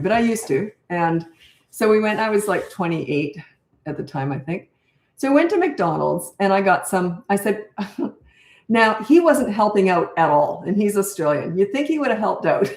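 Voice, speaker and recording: This Canadian woman in her sixties talks in casual chat at an average pitch. She is a chatty, laughing storyteller who drifts off topic between her answers. Her voice carries a roomy echo. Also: animated, moderate pace. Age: 60s. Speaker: parenting coach answering viewer questions.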